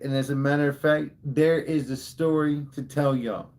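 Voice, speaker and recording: A man's voice: on the high side, steady tone, normal speed, few pauses, a little mellow. A man hosting a livestream, telling a rambling comic story to his chat in a profane, joking, tall-tale way. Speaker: livestream host.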